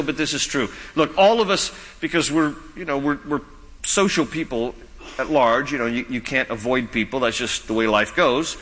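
A man's voice: fairly high pitch, fairly bright tone, big-room sound. A man preaching a sermon, earnest and pleading, rising to urgent questions, then teaching in a conversational way. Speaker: pastor.

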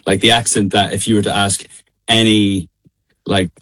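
Low-voiced Irish man chatting, laughing easily. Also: normal speed. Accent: Irish, middle of Ireland. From Ireland. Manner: relaxed, laughs often, many fillers and restarts. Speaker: guest singer. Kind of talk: casual radio interview chat. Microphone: call line.

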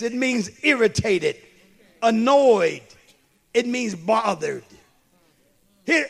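A man pastor preaching a fervent sermon, swinging from shouted lines to low, quick asides. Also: gravelly.

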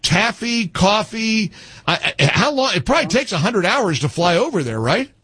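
A middle-aged man hosting call-in talk radio, animated, jokey and easily exasperated. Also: sits high, moderate pace, slightly rough, no echo. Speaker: radio talk show host.

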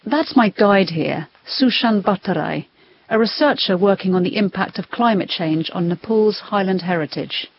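A woman's voice: medium pitch, normal speed. Woman doing documentary narration outdoors, a bit out of breath, kinda dull muffled recording. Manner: descriptive, awed storytelling. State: slightly out of breath. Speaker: reporter. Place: outdoors in a mountain village.

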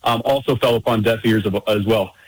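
A man's voice: fairly low pitch, a little fast, dry recording, low-quality recording. A man calling into a sports radio show by phone, joking and playful. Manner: joking, playful, bursts into scat singing. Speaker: radio caller. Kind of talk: casual call-in chat.

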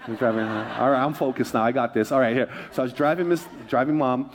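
A man's voice: mid-range voice, fast, a little hiss or hum. A male pastor preaching a sermon, mixing humorous stories with repeated phrases and calls to the congregation. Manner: asks the congregation for responses.

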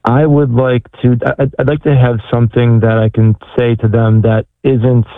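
A man's voice: mid-range voice, little pitch movement, dry recording. Hesitant man on a tinny phone line. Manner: hesitant, halting, many restarts. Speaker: caller. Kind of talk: casual call-in question.

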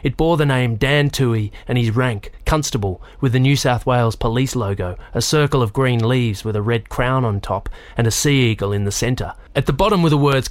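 A man narrating an audiobook in a steady storytelling manner, lifting his voice for the characters. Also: mid-range voice, moderate pace, no echo.

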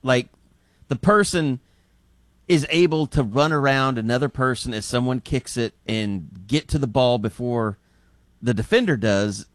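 A man's voice: medium pitch, unhurried, dry recording. A man from Scotland co-hosting a studio chat, rambling and thinking aloud with many fillers.

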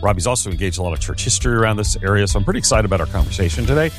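Male radio host, lowish voice, upbeat, faint music bed behind. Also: animated. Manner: upbeat, quick promo delivery. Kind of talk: talk radio hosting.

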